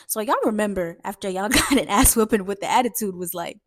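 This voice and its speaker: A woman casually telling a family story to her viewers in a lively, chatty way. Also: medium pitch, a little fast, hardly any pauses, dry recording.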